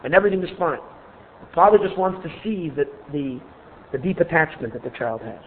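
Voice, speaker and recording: A man teaching a Torah class in an earnest, expressive way, often repeating words as he restarts. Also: on the high side, brisk, slight background noise. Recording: tinny phone-like recording.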